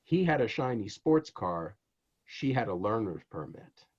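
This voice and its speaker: Animated male storyteller, muffled audio. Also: lowish voice, measured pace, husky. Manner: animated, emphatic storyteller who addresses the host directly. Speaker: author guest. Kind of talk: interview storytelling.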